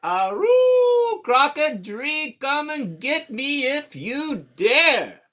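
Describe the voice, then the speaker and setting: A man's voice: very high-pitched, big pitch swings, extremely slow, pushed and bright, pitched above the performer's own voice, full character voice. A man voicing a sassy old male dog in a read-aloud storybook, howling and teasing. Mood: taunting.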